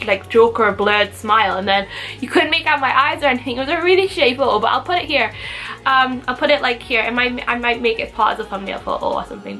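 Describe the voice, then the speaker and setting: A young woman chatters through a casual storytime vlog, giggly and rambling, her voice bright and sharp and pitched a little high. Faint music plays behind her. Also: rough recording. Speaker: vlogger.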